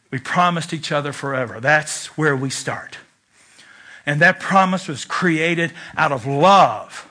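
A man preaching a sermon in church, joking and animated, swinging from loud urging to hushed asides. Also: high-pitched. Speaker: pastor.

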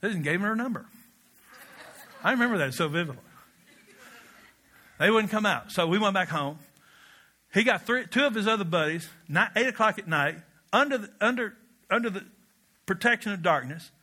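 A middle-aged male pastor from Kentucky, preaching a sermon with animated storytelling. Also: high voice, normal speed, pauses often. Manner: animated storytelling with laughs and shouted quotes.

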